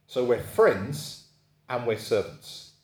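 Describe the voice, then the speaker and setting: A man's voice: mid-range voice, expressive, slow, a little mellow. A man preaching a sermon, talking in a conversational way and often checking in with his listeners. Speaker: pastor. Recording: echoey room.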